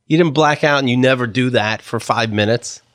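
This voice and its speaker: A man's voice: medium pitch, fairly quick, a bit bright, no room sound, studio quality. A man co-hosting a casual talk show, explaining and commenting on a viral clip. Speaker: co-host.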